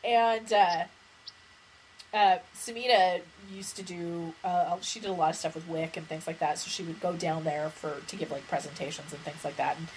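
A woman's voice: lowish voice, fairly even intonation, moderate pace, a little mellow, rough recording. A woman co-hosting a podcast in casual chat, telling long rambling stories and laughing as she goes. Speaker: podcast co-host. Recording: faint background noise.

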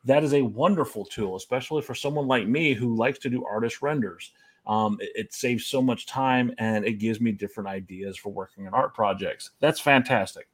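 Man, podcast co-host, mid-pitch voice, profane incredulous rants. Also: moderate pace, husky. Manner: ranting, heavy swearing, incredulous outbursts. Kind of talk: casual profane banter.

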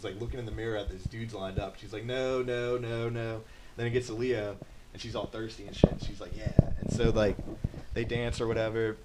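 A man's voice: lowish voice, a little mellow, slight background noise. Rambling casual man recapping a movie. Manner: rambling, swears freely, acts out quotes. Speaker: podcast co-host.

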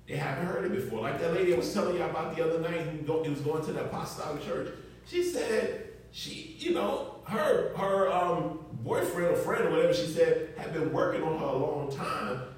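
Man, preacher, high voice, emphatic, talks straight to the congregation, booming church echo, distant mic. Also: a little hiss or hum. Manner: emphatic, conversational, addresses the congregation directly. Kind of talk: sermon. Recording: echoey room, mic far off.

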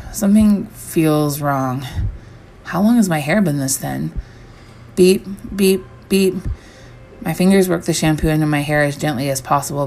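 A woman reading a first-person horror story aloud, measured and slowing down on the eerie lines. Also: deep voice, vocal fry, darkish tone, slight background noise. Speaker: story reader.

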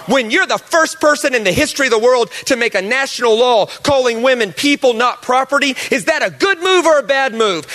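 A man preaching a sermon, telling stories and rising to loud, emphatic peaks. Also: very high voice, brisk, hardly any pauses. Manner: animated storytelling, rises to loud emphatic peaks.

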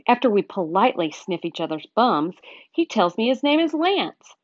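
Woman reader, storybook narration, very lively pitch, dull dry recording. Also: moderate pace, no echo. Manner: expressive, animated storytelling. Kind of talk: reading a children's chapter book aloud.

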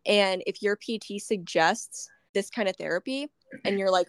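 A woman's voice: mid-range voice, moderate pace, no room sound, studio quality. A woman hosting a podcast interview, chatty and emotional, laughing often as she shares her story. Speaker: podcast host. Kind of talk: casual interview chat.

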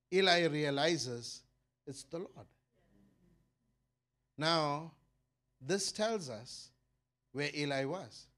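A middle-aged pastor preaching in a mid-pitched voice that surges loud and rises on his main points, then falls back to a low murmur. He repeats words as he builds each thought, in an emphatic sermon style. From South Africa.

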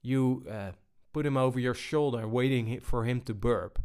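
A man giving a personal talk on balance, unhurried and full of pauses and restarts. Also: medium pitch, darkish tone, clear, resonant tone. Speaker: speaker on balance.

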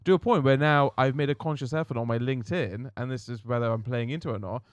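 A man's voice: medium pitch, quick pace, dry recording. A man with a British accent, talking earnestly and thoughtfully in a casual chat in a park. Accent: British English. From Britain. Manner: earnest, thoughtful, with many restarts. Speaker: podcast co-host. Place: outdoors in a park.

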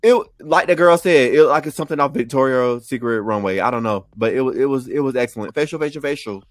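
A man co-hosting a podcast, giving emphatic, expressive recap commentary with free cussing. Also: medium pitch, quick pace, dry recording, studio quality. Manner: expressive, emphatic, cusses freely. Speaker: podcast co-host. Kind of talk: casual recap chat.

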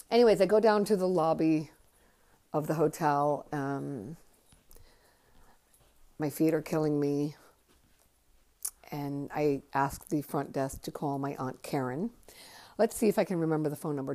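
This woman's voice sits low and dark, and she speaks at a measured pace, pausing often. A tired Connecticut native in her fifties, she hosts a podcast where she rambles through memoir stories, thinking aloud and swearing freely.

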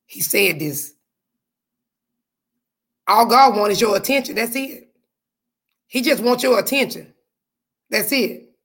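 Woman, podcast host, husky, hoarse, fervent preaching cadence, repetitive. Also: a little high, expressive, slow pace, pauses often, fairly bright tone. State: voice going hoarse. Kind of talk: spirited faith talk to listeners.

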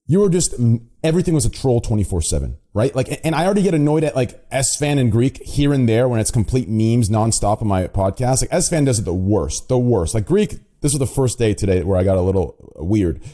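A man hosting a podcast, excitable and loud, swearing often in casual chat. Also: medium pitch, a little fast, hardly any pauses. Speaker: podcast host.

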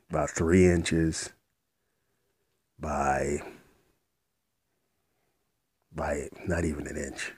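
Man for a rambling motivational vlog, deep husky voice, blunt and profane, very dry close sound. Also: darkish tone, no room sound. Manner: blunt, rambling, repeats himself, swears casually. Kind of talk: unscripted motivational monologue.

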